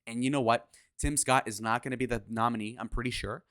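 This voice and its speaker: A man's voice: mid-range voice, fairly even intonation, fast, a bit bright, no room sound, clean studio sound. A man giving casual political commentary in a crude, sarcastic, opinionated way, with swearing.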